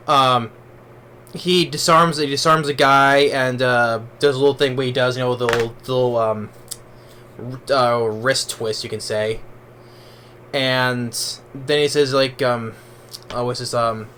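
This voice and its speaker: A man's voice: mid-range voice, steady tone, unhurried, pauses often, pushed and bright, slight background noise. A man giving a casual spoken movie review, rambling along with many restarts and fillers.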